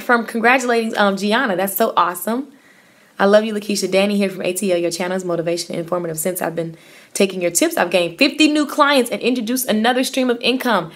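A woman in her thirties who coaches hair stylists, chatting casually on a live stream, reading viewer comments aloud with upbeat, effusive encouragement. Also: medium pitch.

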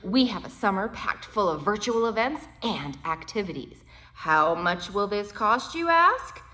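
A woman from the library hosting, in a bubbly, exaggerated mock infomercial pitch. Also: animated, a little slow, fairly bright tone. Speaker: library staff host.

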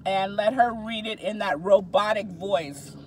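A chatty host talks from inside a parked car. The mid-pitched voice stays upbeat and keeps praising the food, with a faint background noise around it. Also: a little slow. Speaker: vlog co-host. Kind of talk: casual food-tasting chat.

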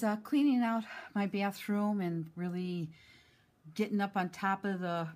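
Female home vlogger, chatty and gushing, casual with lots of fillers. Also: medium pitch. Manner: chatty and excited, many fillers. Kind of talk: casual chat, showing a mail package.

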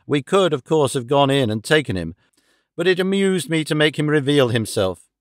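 A man voicing a calm, clever detective with an amused, theatrical manner, in an audiobook reading. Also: fairly high pitch, moderate pace, no room sound, clean studio sound.

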